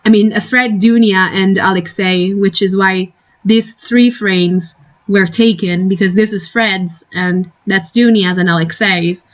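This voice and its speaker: Young female streamer, casual and giggly, wanders off-topic; mid-pitched, muffled home mic. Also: fairly even intonation, a little slow. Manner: rambling, giggly, full of tangents. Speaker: live-streaming artist. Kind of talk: casual live-stream chat.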